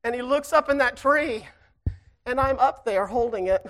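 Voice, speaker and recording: A preacher telling a personal story to the church in a folksy, animated way and then preaching fervently. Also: mid-range voice, moderate pace.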